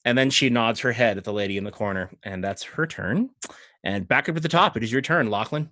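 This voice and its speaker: A man's voice: medium pitch, a little fast, dry recording. Man, game master for a tabletop game, loose rambling delivery, filler-heavy, dry close mic. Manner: relaxed, rambling narration with many fillers.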